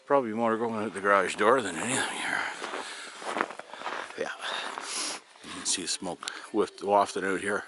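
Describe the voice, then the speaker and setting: A man's voice: mid-range voice, animated, unhurried, long pauses, a bit bright, poor audio. Folksy Ontario man chatting with viewers. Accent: Canadian, Ontario. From Northern Ontario, Canada. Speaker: homesteading vlogger. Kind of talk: casual narration while working. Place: garage and yard on a frosty rural farm.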